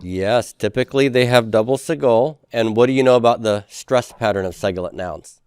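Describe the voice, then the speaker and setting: A man's voice: medium pitch, fairly quick, a little mellow, clean tone, no room sound, studio quality. A man giving a classroom lecture, asking his students questions and answering them himself. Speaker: professor.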